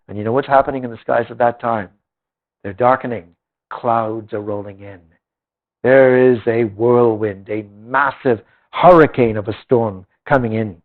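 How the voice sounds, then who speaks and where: A man's voice: mid-range voice, moderate pace. Man teaching a Bible class, tinny recording. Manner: reads scripture aloud then explains it emphatically. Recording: tinny lo-fi phone-like old recording.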